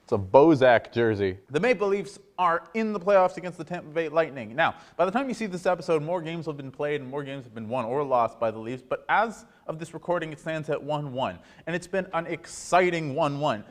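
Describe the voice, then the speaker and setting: A young man hosting a student sports talk show, giving wry, animated takes and dropping into low mutters. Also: fairly quick, few pauses. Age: young adult. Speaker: host.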